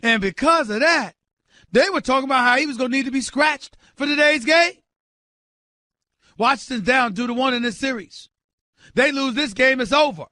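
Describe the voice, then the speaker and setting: A man hosting a sports talk show, ranting loudly and emphatically with incredulous exclamations and direct calls to his listeners. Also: very high voice, moderate pace, long pauses, no echo. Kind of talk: sports radio rant.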